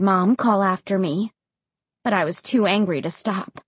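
A woman narrating a first-person storybook with an expressive, dramatic reading. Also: medium pitch, unhurried, slightly rough, dry recording. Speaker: audiobook narrator.

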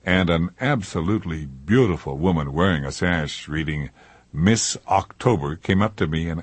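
Older male narrator, deadpan comic reader, deep and husky, dry studio sound. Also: moderate pace, no echo.

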